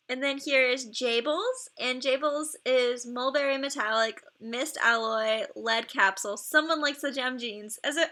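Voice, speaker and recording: A woman's voice: a little high, pushed and bright. A woman streamer in casual live-stream commentary, chatty and effusive, gushing praise and laughing often between remarks.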